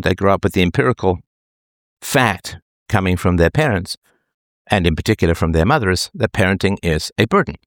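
A low-voiced man holds forth in an opinionated solo monologue. He lectures emphatically with a sarcastic edge, his pitch leaping up for emphasis. The recording is close and dry. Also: no room sound. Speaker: commentator.

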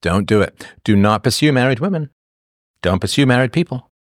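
A middle-aged man hosts a casual livestream, answering viewer questions with chatty, blunt advice, laughing often and drifting off topic. His mid-range voice is animated and a little fast. The sound is clean studio audio with no echo.

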